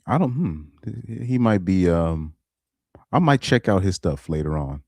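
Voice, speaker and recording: Low-voiced man rambling on a live stream. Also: sing-song, a little slow, gravelly, darkish tone, no echo, clean studio sound. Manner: rambling, repeats himself, restarts often. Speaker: live streamer reacting to videos. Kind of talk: casual live-stream commentary.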